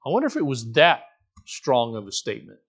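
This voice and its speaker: A man preaching a sermon. He is animated, jumps into the voices of the people in the story and often restarts his sentences. His pitch is middling. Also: a little fast, breathy edge. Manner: animated, acts out the quoted voices, frequent restarts. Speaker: pastor.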